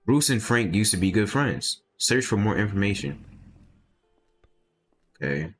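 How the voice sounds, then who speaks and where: A young man commentating a game in a casual way, reading the on-screen dialogue aloud and breaking into sudden loud outbursts. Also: lowish voice, expressive, a little slow, breathy edge, faint music behind. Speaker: gameplay video host.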